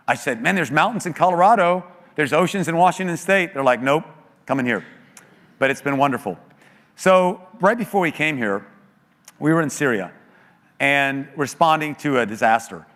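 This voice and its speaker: A middle-aged American man speaking at a church, telling an emotional story with earnest, animated delivery and quoted voices. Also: mid-range voice. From United States. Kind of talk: storytelling talk. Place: large church auditorium. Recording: long hall reverb.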